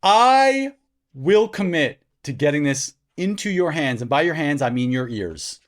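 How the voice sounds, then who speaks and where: A man's voice: on the high side, sing-song, unhurried. A man co-hosting a podcast, joking around in playful casual banter. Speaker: podcast co-host. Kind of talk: casual chat.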